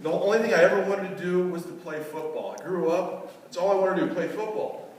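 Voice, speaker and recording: Brief: a male stand-up comic, lively and self-mocking, fairly high voice, captured in an echoey hall. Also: brisk. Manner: animated, self-mocking storytelling with sudden high jumps. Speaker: stand-up comedian. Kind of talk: live stand-up comedy. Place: live comedy stage at a charity event. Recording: echoey hall, distant mic, loud noise.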